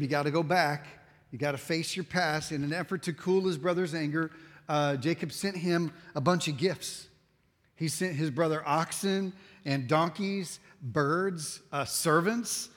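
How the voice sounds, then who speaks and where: High-voiced preacher in a reverberant hall. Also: male voice. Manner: dramatic storytelling, swings from loud urgency to hushed intensity. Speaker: pastor. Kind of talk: sermon.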